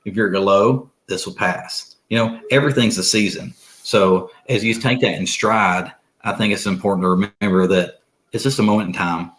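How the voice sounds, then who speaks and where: A man's voice: lowish voice, fairly even intonation, normal speed, fairly bright tone. A middle-aged man talking earnestly as a podcast guest, rambling and restarting his sentences. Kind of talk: casual conversation.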